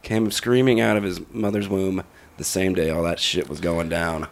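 A man with a lowish voice trading jokes on a loose podcast. He delivers dry, teasing wisecracks in easy, casual chat. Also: fairly even intonation, normal speed. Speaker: podcast co-host.

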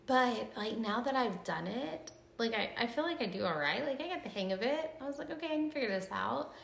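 A woman's voice: a little high, animated, brisk, creaky, a bit bright. A woman hosting a podcast, telling stories in casual chat and filling her speech with "like". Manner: chatty storyteller, fills speech with "like". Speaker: podcast host. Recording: echoey room.

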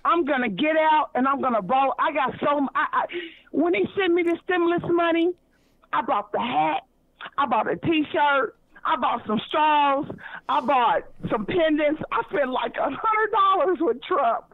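A woman's voice: sits high, lively intonation, unhurried, no room sound. A woman caller from Kansas City, Missouri, talks in a loose, rambling way, stammering and repeating herself as she goes. Her voice comes through a thin, tinny phone line with no room sound around it. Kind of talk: radio call-in chat.

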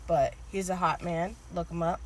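A woman's voice: on the low side, level tone, moderate pace, low-quality recording. A woman co-hosting a podcast, gushing in casual chat and filling her talk with "like" and "um.". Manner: gushing, filler-heavy with lots of "like". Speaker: podcast co-host.

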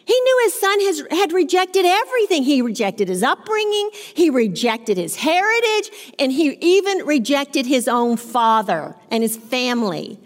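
A woman's voice: high voice, big-room sound. A woman Bible teacher reading scripture aloud and explaining it, stressing points through repetition. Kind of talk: women's Bible study teaching.

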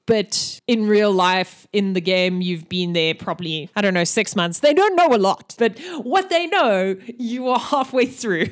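Chatty lady running a tabletop game, laughs a lot, mid pitch. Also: lively intonation, a little slow, hardly any pauses. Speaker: game master.

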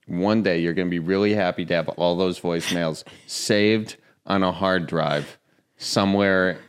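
Low, smooth-voiced man hosting a podcast. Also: a little slow. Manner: jokey, rambling, lively. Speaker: podcast host. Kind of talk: casual chat.

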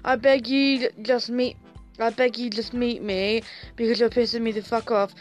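A woman's voice: fairly high pitch, steady tone, normal speed, faint music behind, close to an everyday voice. A woman reading out a foul-mouthed teenage girl. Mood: scornful. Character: angry foul-mouthed thirteen-year-old girl.

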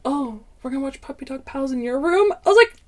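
A young woman in casual chat, telling a parenting story in a lively way and acting out what people said. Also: high voice, a little fast. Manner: animated storyteller, acts out quotes. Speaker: parent sharing stories.

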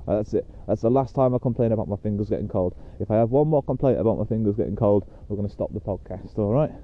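A man's voice: lowish voice, fast. A man hosting a casual solo podcast while out walking his dog, rambling chattily with lots of fillers. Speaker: podcast host. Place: outdoors on a dog walk. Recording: tinny phone-like sound.

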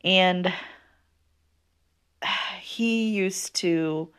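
Brief: low-pitched woman from the Midwest, podcast host recounting personal history, halting with frequent ums. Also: clean tone. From American Midwest. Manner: hesitant, many ums, soft-spoken. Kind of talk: personal storytelling.

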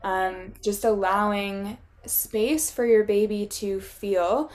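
A woman's voice: medium pitch, slow, darkish tone. A woman hosting a podcast, reflecting on her guest's words and asking thoughtful questions in an affirming way. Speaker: podcast host. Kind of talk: conversational interviewing.

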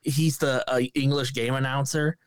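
A man's voice: mid-range voice, normal speed, clear, resonant tone, no echo, studio quality. A man co-hosting a casual movie review podcast, swearing freely and mimicking lines in sudden put-on voices. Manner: profane, animated, mimics lines with bursts of voices. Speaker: podcast co-host.

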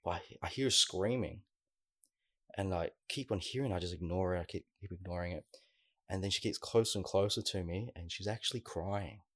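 A man with a low, deep voice spins an anecdote on a casual podcast. He talks in an animated, rambling way, full of "like" and "you know", and keeps the story rolling. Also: moderate pace, no room sound, studio quality. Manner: animated storyteller, many fillers. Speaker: podcast co-host.

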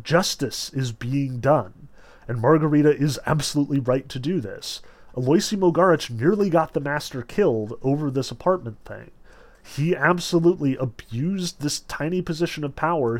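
A man reading aloud from a novel and explaining it, blunt and casual in his asides, raising his voice when he quotes the characters. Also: fairly high pitch. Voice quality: animated, swings into raised voices when quoting characters. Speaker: literature lecturer.

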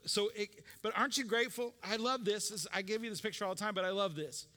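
A male pastor with a high, forceful, bright voice delivers a conversational sermon. He teaches with offhand jokes and asks the congregation to repeat lines back. His voice rings with the long reverb of a church hall. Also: quick pace. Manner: conversational preaching with asides and call-and-response.

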